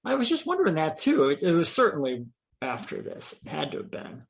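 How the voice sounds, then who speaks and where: A man's voice: a little high, huge pitch swings, brisk, vocal fry. A man co-hosting a podcast in casual chat, easygoing and hesitant, with lots of fillers. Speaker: podcast co-host.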